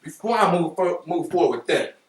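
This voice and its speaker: A man hosting a casual sports podcast, talking in an animated, playful way and speaking straight to his listeners. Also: sits high, a little fast, distant mic, a little hiss or hum. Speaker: podcast host. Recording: roomy echo, voice from off the mic.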